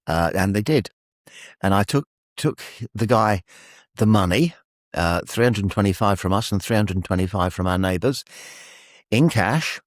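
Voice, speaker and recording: A man's voice: lowish voice, moderate pace, dry recording, studio quality. A man hosting, telling a rambling anecdote with wry humour and frequent chuckles. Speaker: radio host. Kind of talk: anecdotal monologue.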